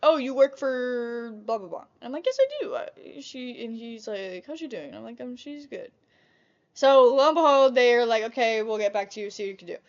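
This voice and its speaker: A young woman vlogger telling a casual storytime about old jobs, chatty and animated, swearing often. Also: fairly high pitch, a little fast, muffled recording.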